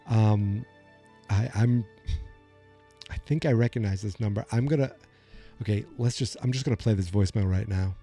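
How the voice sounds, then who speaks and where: A man's voice: lowish voice, steady tone, moderate pace, pauses often, dark tone, soft background music. A man in his forties hosting a comedic podcast in a rambling, self-deprecating, mock-dramatic way. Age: 40s. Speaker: podcast host. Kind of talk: comedic solo podcast monologue.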